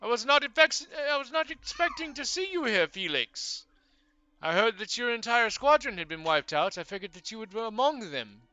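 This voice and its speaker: Man doing a high fussy owl-folk gentleman. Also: sing-song, moderate pace, clear, resonant tone, no room sound, highs cut off, exaggerated voice. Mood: flustered polite. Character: polite flustered male owl-like creature.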